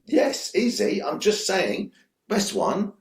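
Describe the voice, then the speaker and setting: Man impersonating a defensive film director, insistent, higher pitch, animated, echoey. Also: takes it slowly, exaggerated voice.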